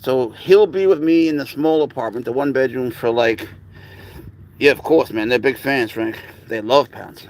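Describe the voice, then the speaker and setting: A man chatting casually on a livestream, talking plans with viewers and cooing softly to cats in a baby voice. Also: medium pitch, moderate pace. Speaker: livestream host.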